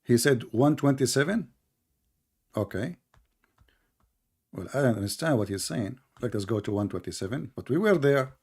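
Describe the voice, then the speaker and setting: A man's voice: medium pitch, expressive, moderate pace, pauses often, a little mellow, breathy edge. A man whose first language is Arabic, from the Middle East, hosting a live call-in debate in a blunt, mocking way and repeating himself often. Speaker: debate show host.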